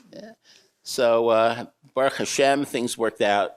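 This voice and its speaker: Older man, rabbi, wry storyteller, humorous talk, mid pitch. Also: smooth. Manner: wry, anecdotal, acts out characters. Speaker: rabbi and eruv builder speaking.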